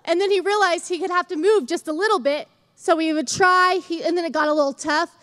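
Young woman, very high voice, sermon, chatty, animated, church. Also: a little fast. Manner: chatty and animated, acting out stories. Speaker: preacher.

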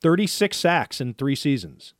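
A man's voice: medium pitch, sing-song, moderate pace, dry recording, clean studio sound. A man hosting a casual sports talk show, running through player stats in a conversational way. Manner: stat-heavy, conversational.

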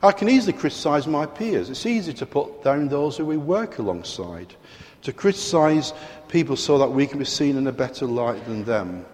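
A man with a British accent preaches a sermon in a large church hall, speaking emphatically and posing rhetorical questions to the congregation. His mid-range voice is a little mellow, carried by long hall reverb.

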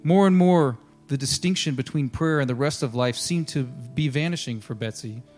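A man pastor preaching a sermon, telling a story with lively asides and reading passages aloud. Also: medium pitch, moderate pace, faint music behind. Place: church.

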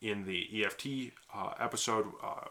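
A man with a lowish voice and a bright, forceful edge talks through marriage and therapy ideas on a podcast. He explains at length, circling back with fillers and restarts as he thinks aloud. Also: normal speed. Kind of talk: casual conversational podcast.

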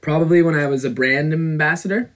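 A man's voice: on the high side, brisk, a bit bright, faint music behind. Young man tossing in short quips. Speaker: podcast co-host. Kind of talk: casual chat.

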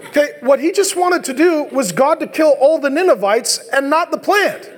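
A man preaching a sermon as a pastor, animated and joking, acting out biblical dialogue in playful voices. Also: very high voice, moderate pace. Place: large church hall. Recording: long hall reverb.

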